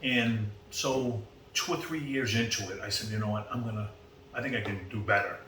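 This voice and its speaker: A man's voice: on the low side, fairly quick. A man in his fifties with a Boston accent, a podcast guest telling long stories and acting out who said what. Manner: animated, acts out quoted exchanges. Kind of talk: casual storytelling. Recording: roomy, distant mic, faint background noise.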